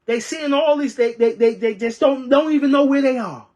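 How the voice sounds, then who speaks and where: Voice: high-pitched, moderate pace, a little mellow. A transit worker from New York delivering an impassioned rant, heated and repeating phrases for emphasis. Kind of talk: impassioned ranting monologue.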